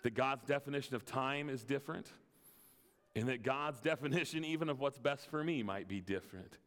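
A man's voice: mid-range voice, brisk, a bit bright, long reverb tail. A man preaching a sermon as a pastor, speaking in an earnest, conversational way and often repeating his first words as he starts a sentence.

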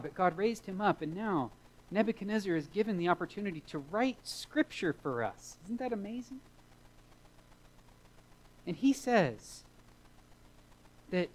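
A man's voice: sits high, rough recording. Emphatic middle-aged male pastor preaching. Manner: emphatic, repeats key lines for weight. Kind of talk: sermon. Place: church sanctuary.

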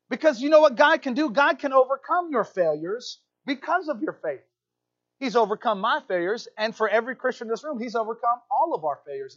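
A man preaching a sermon in a church, animated and playful, often checking in with the crowd with "right?". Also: high-pitched, highs cut off. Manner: animated, playful asides, keeps asking "right?". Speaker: pastor. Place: church hall.

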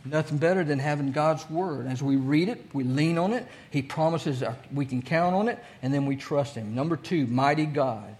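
A man's voice: fairly high pitch, normal speed, hardly any pauses, darkish tone. A male pastor preaching a sermon in a folksy, conversational way, asking the congregation questions.

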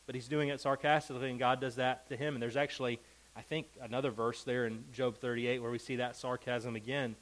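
A man's voice: medium pitch, fairly even intonation, a little fast, a bit bright, rough recording. A man teaching a Bible lesson to a class. He reads scripture with emphasis and keeps checking in with the group.

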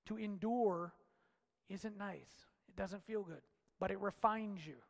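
A man preaches with a high voice and fiery conviction, rising to shouts and dropping to near-hushed lines. His words ring out with a long hall reverb around them. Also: slow, creaky. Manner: impassioned, swings from loud shouts to hushed low lines. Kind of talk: sermon.

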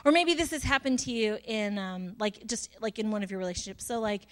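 A woman's voice: mid-range voice, a little fast. A woman in her thirties, a pastor giving a casual, chatty sermon with lots of fillers and self-deprecating asides.

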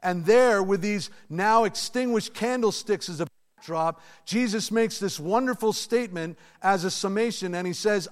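The clip captures a sermon from a high-voiced male pastor, moving at a moderate pace through animated, talky preaching with asides to his listeners. It was recorded in a church sanctuary where the big hall produces a long reverb.

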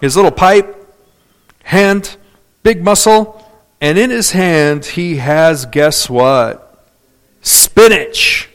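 A male preacher delivering a sermon, swinging between loud, drawn-out declarations and hushed, soft-spoken asides. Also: fairly high pitch, smooth.

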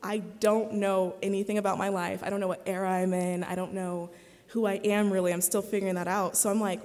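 A woman's voice: mid-range voice, a little mellow. A young woman of eighteen tells a personal faith story in a chatty, candid way, full of fillers and retold conversations. She speaks to a chapel audience. Her voice rings with the long reverb of the hall. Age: 18, young adult. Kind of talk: personal testimony talk.

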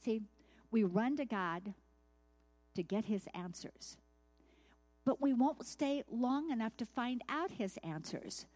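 A woman's voice: on the high side, animated, slow, pauses often, darkish tone. Conversational woman giving a sermon. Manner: conversational, asks the listeners questions. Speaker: Bible teacher. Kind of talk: devotional sermon.

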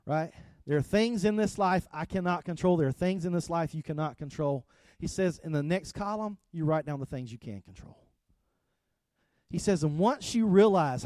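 A middle-aged man preaching in a relaxed, conversational way: a pastor's sermon that stumbles over its own starts and rises and falls in loudness. His voice sits a little high for a man. The sound is dry and close, with no room around it. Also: moderate pace, dry recording.

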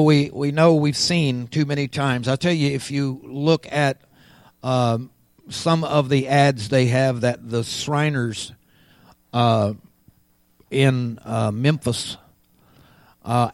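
A man preaching a sermon as pastor, unhurried and swelling louder and higher on key words. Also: dry recording.

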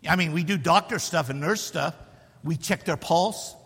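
A man preaching a sermon to his congregation, animated and teasing, with bold declarations. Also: fairly high pitch, moderate pace, slightly rough, in a large hall.

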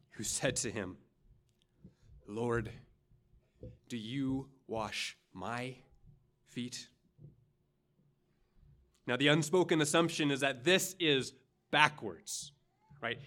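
A man preaching a sermon as pastor, earnest and dramatic, pausing often and checking in with the congregation with a quick "right?". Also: mid-range voice, fairly bright tone. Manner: earnest, dramatic, with pauses and rising emphasis; frequent "right?" asides to the congregation.

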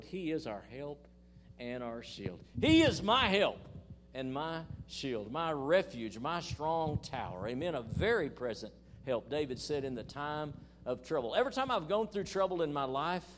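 A man's voice: on the high side, slight background noise. An older man preaching a sermon, reading scripture with emphasis and making folksy asides to his congregation. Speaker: pastor.

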